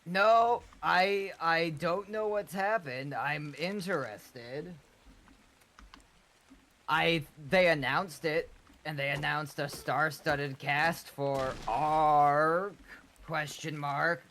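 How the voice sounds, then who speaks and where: A man's voice: fairly high pitch, drawn-out words, bright, forceful tone, slight background noise. A man chatting casually while gaming with a friend, rambling and playfully sarcastic. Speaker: co-op gaming partner.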